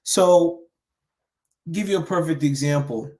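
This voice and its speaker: Earnest, animated man giving a self-help talk. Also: a little high. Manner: earnest and animated, with many restarts and pauses; mimics harsh self-talk in sharp raised bursts. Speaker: founder of a men's education collective, coach.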